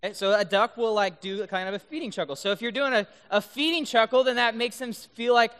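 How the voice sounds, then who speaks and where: A man giving a youth talk to high schoolers, playful and constantly checking in with the audience. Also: fast, few pauses, fairly bright tone, smooth. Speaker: youth speaker. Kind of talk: youth talk with duck call demos. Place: large room full of high schoolers. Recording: long reverb in a hall.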